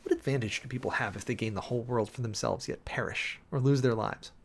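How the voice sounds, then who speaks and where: A preacher reads scripture aloud and breaks off into loose, self-interrupting asides. He is a man with a gravelly edge to his mid-pitched voice, and he sounds like he is working out his sermon as he goes. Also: fast. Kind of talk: casual sermon preparation, reading scripture aloud.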